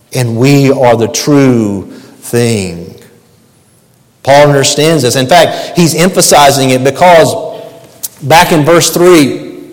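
Slow, high-voiced preacher in a reverberant hall. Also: male voice. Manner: emphatic, repeats key phrases. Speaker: pastor. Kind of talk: sermon.

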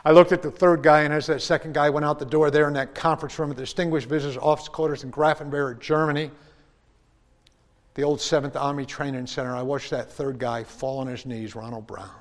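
A man preaching a testimony sermon, swinging between loud preaching and hushed storytelling. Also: fairly high pitch, fairly even intonation, a little fast. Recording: reverberant hall.

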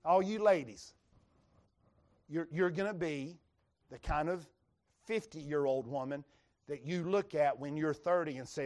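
A man's voice: fairly high pitch, a little slow, pauses often, a little mellow. A man with a Western North Carolina accent preaching a sermon in a folksy, emphatic way, reading scripture aloud to the congregation. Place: church revival service.

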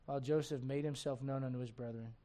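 A middle-aged man preaching a sermon to his congregation in a folksy, animated way, slipping into acted asides. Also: mid-range voice, quick pace. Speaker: pastor.

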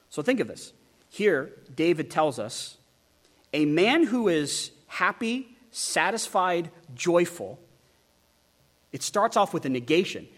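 A man preaching an expository sermon, emphatic and animated, asking the listeners many rhetorical questions. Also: on the high side, slow pace. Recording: long hall reverb.

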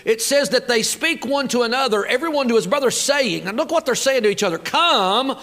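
A man's voice: very high voice, lively intonation, fast talker, fairly bright tone. A man preaching a sermon, fired up and folksy, talking back and forth with the crowd. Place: church auditorium.

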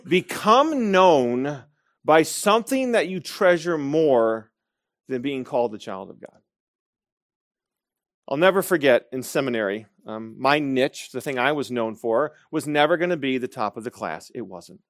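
A man from Michigan preaching a sermon, telling stories and slowing down to stress key phrases. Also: mid-range voice, expressive, no room sound, clean studio sound. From Michigan, USA. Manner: storytelling, emphatic with slow stressed phrases.

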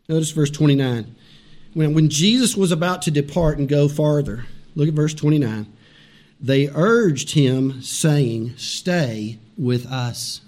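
A male pastor preaches a sermon in a high, bright-toned voice, animated and laughing along with his own points. He then lowers to a hushed intensity, repeating phrases to drive them home.

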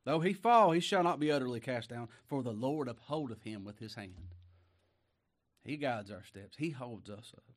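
A man preaching a folksy sermon, reading scripture slowly, chuckling and asking his congregation questions. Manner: bursts into high exclaims; slow scripture reading in King James wording.

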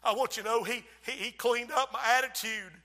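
A man preaching a sermon as pastor of a church, swinging between loud outbursts and hushed asides. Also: extremely high pitch, steady tone, fairly quick, in a large hall.

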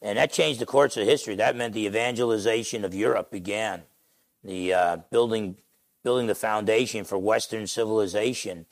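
A man's voice: on the low side, steady tone, brisk, no echo. A middle-aged man with a New Jersey accent, preaching a sermon and telling a story, acting out the people he quotes. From Essex County, New Jersey. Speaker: pastor.

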